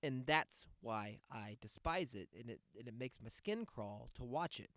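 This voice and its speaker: A man's voice: mid-range voice, lively intonation, measured pace, sharp tone, dry recording. A man hosting a podcast, going on a sarcastic, profane rant in a casual monologue. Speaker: podcast host.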